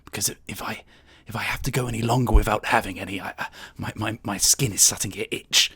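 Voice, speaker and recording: A spoiled young lord in a tabletop game, high-pitched and posh, spitting out his words in a hushed hiss. A man puts on the voice. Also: fairly even intonation, fast talker, slightly rough, heavily acted. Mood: whining. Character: posh young male noble, spoiled and hot-tempered.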